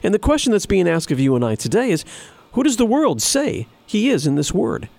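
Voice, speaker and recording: A man's voice: high voice, sing-song, a little fast, creaky, darkish tone, no echo. A man preaching a sermon in an earnest, emphatic way, repeating phrases for stress. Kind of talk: sermon with scripture reading.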